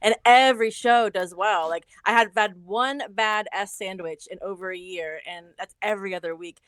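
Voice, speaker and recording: A woman's voice: medium pitch, moderate pace, fairly bright tone, smooth, no room sound. A woman who books comedy shows and does stand-up, talking on radio in an upbeat, enthusiastic way. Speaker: comedy show booker and stand-up comic. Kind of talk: casual radio talk.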